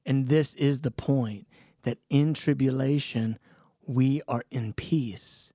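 A man's voice: medium pitch, fairly even intonation, takes it slowly, dark tone, no room sound, clean studio sound. A man co-hosting a casual Bible discussion. He exhorts listeners earnestly and retells scripture in everyday speech.

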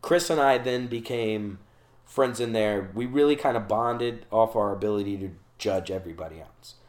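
Speaking fairly low at a normal speed, the Charleston, South Carolina man tells a long, relaxed story as a guest about his time in rehab. He doesn't hold back on profanity and adopts voices for the people he quotes.

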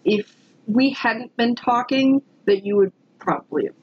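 A woman co-hosting a casual podcast chat, teasing and quick to laugh. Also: fairly high pitch, breathy edge, no room sound, lo-fi sound.

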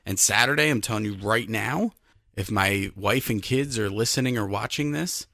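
Lively man telling a sports story. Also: fairly low pitch, moderate pace, creaky, no room sound, studio quality. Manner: animated storytelling, emphatic. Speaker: podcast co-host. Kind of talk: casual chat.

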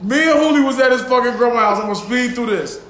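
A man with a very high voice hosts a casual podcast, rambling through stories with bursts of laughter and plenty of swearing. The room is echoey, with a faint hum of ambience behind him. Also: fast talker. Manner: loud, laughing, profane storytelling. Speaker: podcast host.

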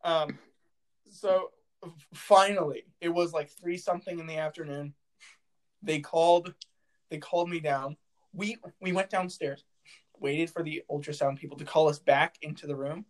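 A young man tells a long story in relaxed chat, giggling as he goes. His voice sits a little high for a man. He stumbles over fillers and restarts. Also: normal speed, long pauses.

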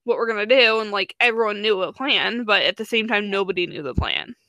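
A young woman chatting casually as a podcast co-host, full of fillers and quick restarts. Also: mid-range voice, a bit bright, no room sound, muffled recording. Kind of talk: casual chat.

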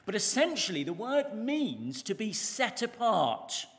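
A man delivering a sermon with a lively, swooping delivery, his voice sitting a bit high for a man. He leans on key words, drawing them out slowly, and poses questions to the congregation. The sound carries a long reverb from the church around him, and his voice moves closer to and farther from the pulpit mic. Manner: animated, drawn-out emphasis, rhetorical questions. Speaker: pastor. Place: church service, large room.

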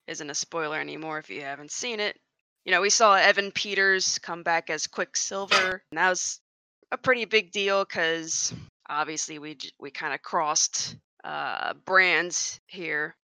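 A woman co-host chats casually on a podcast. Her voice is bright, smooth and clear, and she keeps things moving by asking the panel questions. The sound is dry and close. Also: fairly low pitch, measured pace, dry recording. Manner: asks the group questions.

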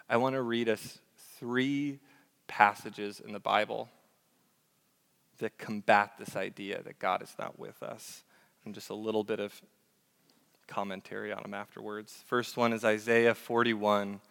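A man's voice: lowish voice, creaky, fairly bright tone, smooth. Young male pastor preaching in a reverberant church hall, earnest and conversational. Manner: earnest and conversational, with fillers and self-corrections. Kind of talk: sermon.

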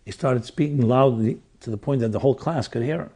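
A man's voice: medium pitch, fairly quick, dark tone, husky. A rabbi in his sixties telling a personal story in an earnest, reflective way, often restarting his sentences. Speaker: rabbi teaching classes. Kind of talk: storytelling lecture.

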